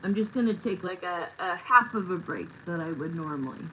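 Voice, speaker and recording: A woman's voice: fairly low pitch, lively intonation, fairly quick, fairly bright tone, slight background noise, poor audio. A middle-aged woman hosting a live tarot stream, chatting casually and bluntly with viewers and swearing now and then.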